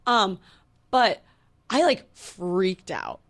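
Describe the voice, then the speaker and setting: A woman's voice: mid-range voice, big pitch swings, drawn-out words. A young woman in her twenties co-hosting a podcast, telling a story in casual chat with lots of fillers and quoted back-and-forth. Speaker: podcast co-host.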